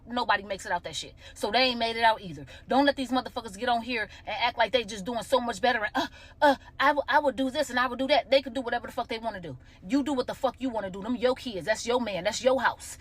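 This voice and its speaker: A woman giving an emotional, profane rant to camera from a car, heated and close to tears. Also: a little high. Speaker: commentator reacting to a viral video.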